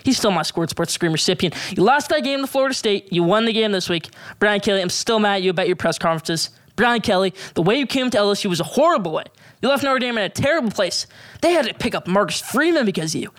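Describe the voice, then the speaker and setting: A young man hosting a solo sports podcast, giving excitable, opinionated picks and rants. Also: sits high. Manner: rapid, excitable, opinionated delivery.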